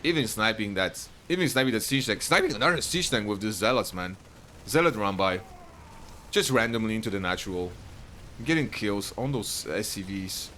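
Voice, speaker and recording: A man casting a real-time strategy match live, chatty and quick to burst into excited shouts. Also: on the low side, a little hiss or hum. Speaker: esports caster. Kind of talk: live play-by-play game commentary.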